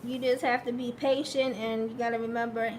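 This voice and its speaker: A woman chatting casually on a live stream, slow and hesitant with many fillers, upbeat and encouraging. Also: fairly high pitch, little pitch movement, slight background noise.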